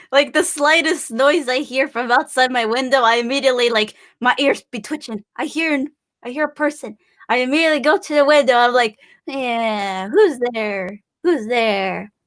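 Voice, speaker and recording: A woman's voice: high-pitched, moderate pace, a bit bright. A young woman from Illinois, a guest in a casual interview, bubbly and giggly, who acts out voices as she tells stories. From Illinois, USA. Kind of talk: casual chat.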